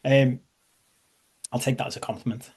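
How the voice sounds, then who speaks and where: A man's voice: mid-range voice, flat delivery, normal speed, a little mellow, slightly rough. A man leading a live online coaching masterclass, chatty and self-deprecating, checking in with his audience. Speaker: life coach.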